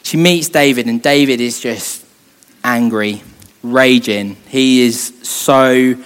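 Chatty young youth leader telling a story. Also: male voice, mid-range voice, slow, a bit bright, clear, resonant tone. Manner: chatty, joking asides, many fillers. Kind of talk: casual Bible storytelling talk. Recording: long hall reverb.

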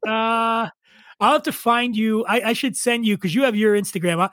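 A man's voice: high voice, steady tone, moderate pace, a bit bright, no echo. A man in his forties, a podcast guest, telling a rambling story with profane, wry asides. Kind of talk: casual storytelling chat.

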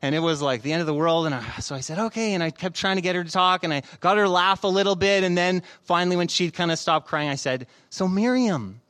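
This thirtysomething pastor talks fast with hardly any pauses, his voice a little high, a bit bright, and smooth. His sermon is conversational, mixing scripture readings and stories with rhetorical questions.

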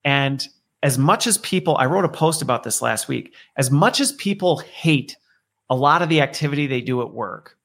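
A man's voice: medium pitch, expressive, moderate pace, vocal fry, fairly bright tone. A man interviewed as a guest, speaking conversationally and reflectively, explaining his ideas through analogies and acted-out quotes. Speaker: guest, learning executive.

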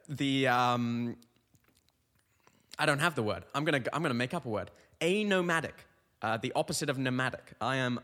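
A man's voice: a little high, fairly bright tone, big-room sound. A young man hosting a comedy podcast, telling meandering, self-mocking stories full of tangents. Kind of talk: rambling comic monologue.

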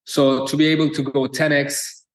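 A man's voice: a little high, little pitch movement, moderate pace, rough recording. A man with a Turkish accent, a personal trainer talking as a guest in a casual interview, speaking plainly and earnestly. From Turkey. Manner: plain, repetitive phrasing, earnest.

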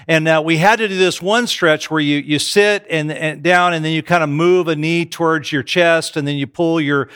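A man's voice: on the high side, fairly even intonation, moderate pace, few pauses, fairly bright tone, smooth. A middle-aged man preaching a sermon, telling self-deprecating stories to his congregation. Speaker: pastor.

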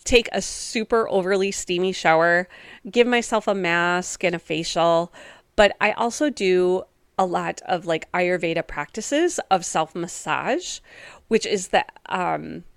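A woman hosts her own wellness podcast in an upbeat, encouraging, chatty way. Her voice sits a little low for a woman. The recording is dry and close, with no room sound. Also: a little slow, creaky, no echo. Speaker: podcast host and wellness coach. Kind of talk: solo podcast talk.

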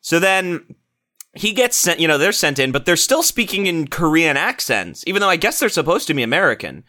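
A man's voice: fairly high pitch, sing-song, brisk, sharp tone. A man in casual podcast chat about video games, rambling and profane, often breaking into mocking impressions.

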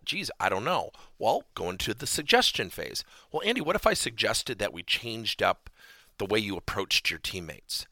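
Animated, bright-voiced male coach. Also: lowish voice, gravelly, no echo, studio quality. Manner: animated teaching voice that repeats key points. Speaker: podcast host and workplace coach. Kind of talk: podcast coaching lesson.

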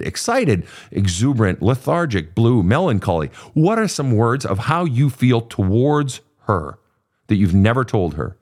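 A man in a confrontational coaching session, swearing freely and pressing hard with repeated questions. His pitch swings widely from line to line, with a middle-range voice. He talks bluntly and keeps pushing for answers. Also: darkish tone. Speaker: host.

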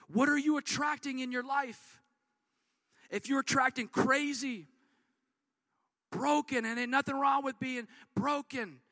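Male pastor, very high and bright, energetic conversational sermon, stammering restarts. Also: dry recording, clean studio sound. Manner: energetic, repetitive, conversational preaching.

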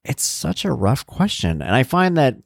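Chatty dad podcast host, dry close mic. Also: male voice, mid-range voice, big pitch swings, moderate pace, creaky, no echo. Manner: rambling, conversational, thinks aloud with fillers. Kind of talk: casual solo podcast monologue.

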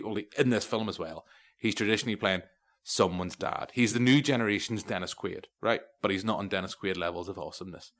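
An Irish man with a somewhat low voice hosts a film review podcast. He talks in a casual, rambling way, full of wry asides. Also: fairly bright tone. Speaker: podcast host.

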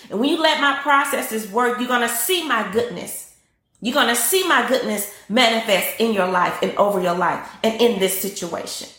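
A woman's voice: on the high side, bright, forceful tone, reverberant. A woman preacher teaching a sermon, fervent and repetitive, quoting scripture on a live stream. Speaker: prophetess and teacher.

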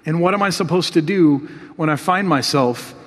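A man delivers a sermon in an earnest, heartfelt voice that sits high for a man. He reads scripture with rising feeling and speaks to his listeners directly. The sound rings with the long reverb of a large hall. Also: moderate pace. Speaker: pastor.

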